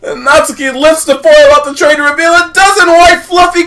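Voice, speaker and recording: A man's voice: very high voice, steady tone, a little fast, hardly any pauses, sharp tone, faint music behind. A man narrating a visual novel on stream, rambling with many "uh"s and crude jokes. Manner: rambling, filler-heavy, jokey, self-interrupting. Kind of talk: comedic game read-through.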